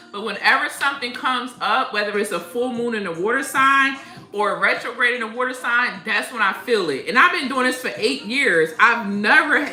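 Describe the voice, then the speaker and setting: Lively high-voiced woman, laughing storyteller. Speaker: spiritual livestream host. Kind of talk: casual livestream chat. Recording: echoey room with faint music.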